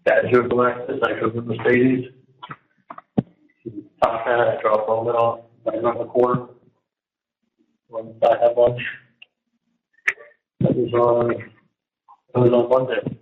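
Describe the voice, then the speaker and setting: A man's voice: mid-range voice, completely flat delivery, reverberant. Man rambling over a tinny prison phone. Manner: rambling, halting, with many restarts and repeated words. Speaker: inmate on a jail call. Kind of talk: casual phone conversation. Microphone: phone handset.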